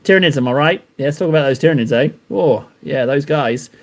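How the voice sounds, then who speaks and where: Male streamer, casual rambling chatter, self-deprecating, slightly high voice. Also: quick pace. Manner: rambling, joking, self-mocking. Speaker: miniature painting streamer. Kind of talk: casual live stream chat while painting.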